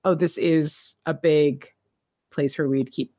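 A woman co-hosting a podcast, recapping a TV episode in animated casual chat and laughing often. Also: low-pitched, slow, no room sound, studio quality. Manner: animated, laughs often, jumps into quoted voices.

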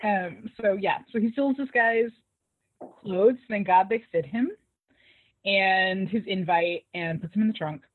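A woman's voice: mid-range voice, measured pace. A woman co-hosting a casual recap chat, talkative and laughing often, acting out quoted lines. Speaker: podcast co-host recapping a TV episode. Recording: tinny phone-like sound.

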